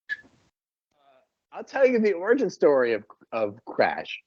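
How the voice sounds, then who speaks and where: A man's voice: a little high, wildly swooping pitch, slow pace, long pauses, a little mellow, breathy edge, no echo. A man, a puppeteer and voice actor, chatting animatedly as an interview guest and filling his talk with fillers. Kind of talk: casual interview storytelling. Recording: slightly dull, dry recording.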